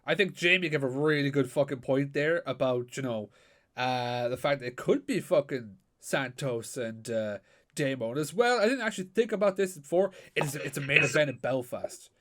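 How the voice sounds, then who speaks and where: A man co-hosting a casual wrestling podcast, animated and sweary with plenty of fillers. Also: mid-range voice, moderate pace. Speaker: podcast co-host. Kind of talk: casual chat.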